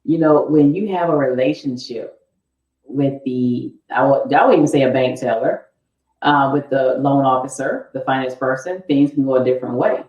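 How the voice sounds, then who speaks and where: A woman's voice: a bass voice, normal speed. A woman hosting an interview, chatting casually and laughing often as she asks questions. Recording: echoey, muffled room sound.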